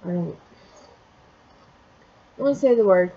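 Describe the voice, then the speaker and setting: A woman speaks straight to her camera, her mellow, husky voice halting and catching as she fights back tears. She often stops and restarts her sentences. The recording sounds dull and lo-fi. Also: medium pitch. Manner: emotional, halting, many restarts. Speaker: vlogger. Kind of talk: personal vlog, retelling a story.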